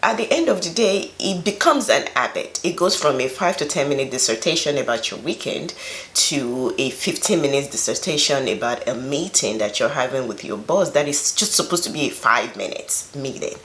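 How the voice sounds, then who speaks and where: A woman with a low voice talks through personal advice in a relaxed, conversational vlog. Her pitch swings widely as she leans into emphatic points, then settles back down. She sounds earnest and direct. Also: moderate pace, slight background noise. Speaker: self-reflection vlogger. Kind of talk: casual spoken advice.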